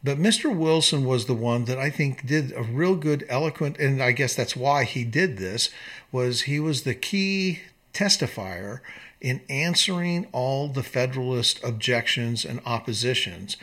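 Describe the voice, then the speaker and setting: A man's voice: mid-range voice, measured pace, fairly bright tone. A man reading historical quotes aloud and commenting on them in an earnest, emphatic way, with slips and restarts. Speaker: commentator on founding documents.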